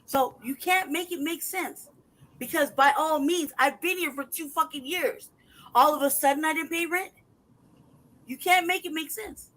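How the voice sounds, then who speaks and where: A man holds forth on a casual livestream in a heated, profane torrent. His voice sits unusually high for a man. He reads documents aloud with open mockery. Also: moderate pace, bright, forceful tone, low-quality recording. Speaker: livestream host.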